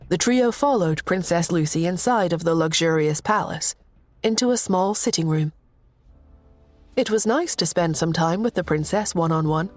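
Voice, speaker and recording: A woman reading a story aloud as narrator in a steady, measured way. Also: lowish voice. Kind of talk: scripted narration.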